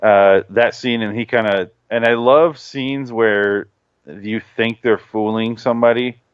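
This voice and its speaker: A man with a lowish voice rambling through a casual podcast chat, often breaking into laughs. The sound is dull and dry, with no room to it. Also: steady tone, unhurried, clean tone, no echo.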